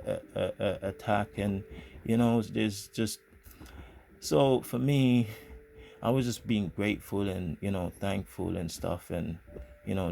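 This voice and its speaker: A man's voice: fairly low pitch, gravelly, dark tone, slight background noise. A man telling a personal spiritual story in an earnest, rambling way, full of fillers and restarts. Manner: earnest, grateful. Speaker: vlogger.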